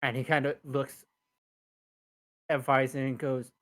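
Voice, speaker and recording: A woman narrating a tabletop role-playing game as game master, chatty and relaxed, voicing the characters as she goes. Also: rumbling low, a little slow, long pauses. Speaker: dungeon master.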